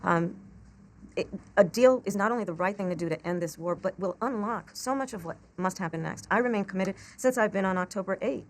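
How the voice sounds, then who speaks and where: A woman politician giving measured, formal answers in an interview. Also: medium pitch, slight background noise. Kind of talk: television interview.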